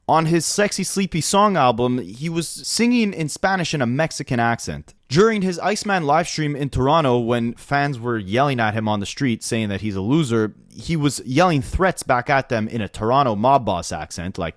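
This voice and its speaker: A man hosting a casual rap commentary, talking in an animated, incredulous way full of fillers. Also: mid-range voice, moderate pace, no room sound, clean studio sound.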